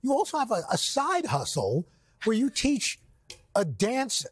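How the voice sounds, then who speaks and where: A woman's voice: a little high, wildly swooping pitch, measured pace, husky. A woman hosting a morning talk show, introducing a guest and asking questions.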